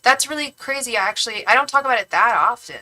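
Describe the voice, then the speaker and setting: A middle-aged tarot reader from the San Francisco Bay Area hosts a casual livestream, chatting and reading viewer comments aloud in a bright, forward voice with a Northern California accent. She's animated and slangy, says "like" a lot, swears playfully, and talks fast at a fairly high pitch. The audio quality is poor.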